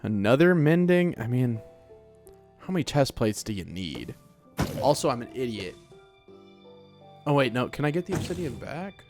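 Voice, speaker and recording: A man's voice: mid-range voice, big pitch swings, normal speed, pauses often, darkish tone. A man hosting a video game let's play, chatting casually, laughing often and talking back to the game. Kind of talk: casual gameplay commentary. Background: game music.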